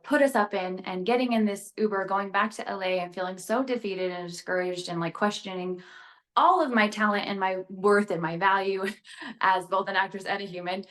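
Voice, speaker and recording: A young actress and motivational speaker, guesting on a podcast, talks openly in an ordinary middle pitch. She's animated and expressive in the casual conversation, scattering "like" throughout and laughing briefly between thoughts.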